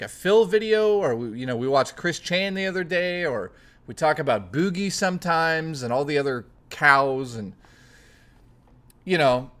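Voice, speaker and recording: Greeting his chat readers by name, a man hosts a relaxed livestream full of rambling, joking and plenty of swearing. His voice sits on the high side and sounds a bit bright.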